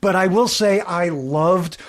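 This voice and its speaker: Male podcast host in his forties, high voice, chatty, self-deprecating. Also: takes it slowly. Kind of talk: casual podcast chat.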